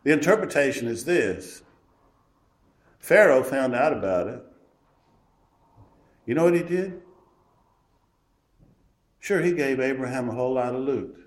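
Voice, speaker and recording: A man's voice: mid-range voice, lively intonation, measured pace, long pauses. Folksy preacher man in a roomy space. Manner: folksy, emphatic, swings from loud to hushed. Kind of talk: sermon. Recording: roomy echo.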